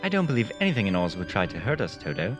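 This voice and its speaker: A man's voice: lowish voice, big pitch swings, racing, music in the background. A man voicing a cheerful, fearless little farm girl in a read-aloud storybook, talking in a brave, reassuring way.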